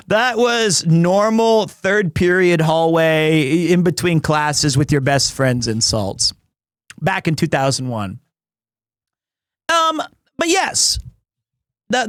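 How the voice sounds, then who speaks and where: A man's voice: a little high, sing-song, slow pace, pauses often, no room sound, studio quality. A man in his thirties chatting casually on a live stream, rambling, restarting his sentences and chuckling as he jokes. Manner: rambling, self-interrupting, chuckles often; jokey and teasing.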